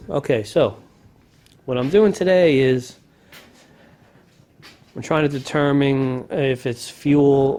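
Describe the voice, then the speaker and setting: A man's voice: medium pitch, dark tone. Self-taught male car repair host, plain mid-range voice, easygoing and wry, recorded outdoors on a camera mic. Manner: chatty, self-deprecating, sarcastic asides; thinking aloud with fillers. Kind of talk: casual how-to vlog narration.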